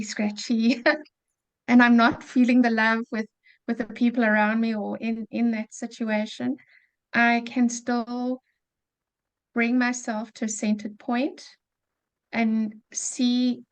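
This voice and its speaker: Slow, flat-voiced woman sharing. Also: a little high, rough recording. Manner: slow, measured, pausing mid-thought. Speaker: group participant. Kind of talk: casual sharing.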